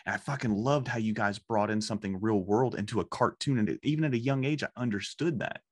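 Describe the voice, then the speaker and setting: A man's voice: lowish voice, fast talker, no room sound. Emotional swearing man, dry close mic. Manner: emotional, swearing, excitable storytelling. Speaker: guest, fan of the show. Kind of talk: casual podcast chat.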